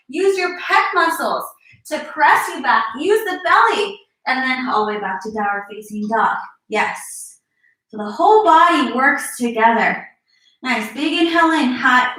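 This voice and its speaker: A woman's voice: high voice, pushed and bright. A young woman leading a live-streamed yoga class, encouraging and a little out of breath as she cues each move. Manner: encouraging, cueing moves while exercising. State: slightly out of breath. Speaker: fitness instructor. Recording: echoey room, distant mic.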